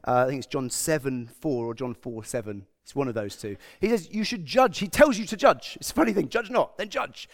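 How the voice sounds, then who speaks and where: A man from Britain giving a conversational sermon, acting out quotes as he goes. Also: on the high side. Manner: conversational, animated, acts out quotes. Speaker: preacher.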